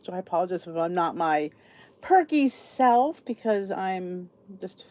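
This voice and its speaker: A woman's voice: fairly low pitch, lively intonation, measured pace, darkish tone. A middle-aged woman hosting a casual live podcast, chatty and rambling, greeting viewers by name while sounding tired and sleepy. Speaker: podcast host. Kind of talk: casual live-stream chat.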